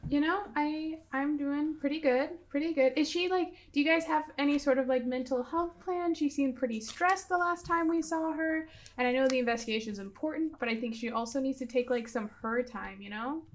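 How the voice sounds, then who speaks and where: Bubbly woman player, chatty, kinda high voice, lots of likes. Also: fairly quick. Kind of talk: casual in-character play.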